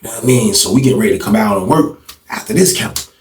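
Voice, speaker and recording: Fast-talking man telling a story, roomy sound. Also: far from the mic, a little hiss or hum. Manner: animated, acts out other people's voices with big pitch jumps. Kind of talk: casual storytelling.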